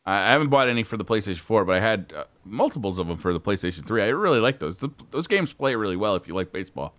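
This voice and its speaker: Male co-host, blunt, profane, bright forceful tone, very animated delivery. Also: on the low side, rapid-fire. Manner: blunt, swearing, laughing easily. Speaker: podcast co-host. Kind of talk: casual gaming podcast chat.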